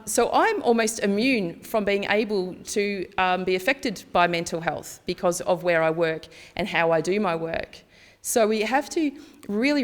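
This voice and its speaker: A woman giving a candid conference talk, chatty and acting out dialogue as she tells personal stories. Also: medium pitch. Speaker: conference speaker. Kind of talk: personal storytelling presentation.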